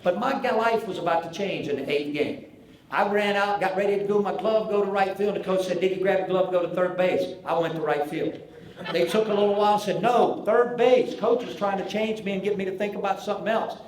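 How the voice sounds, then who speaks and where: His voice sits high, and the recording carries a little hiss or hum along with heavy echo from the large banquet hall. He's a Southern US man in his sixties, a former pitcher, telling a funny after-dinner story and acting out the dialogue.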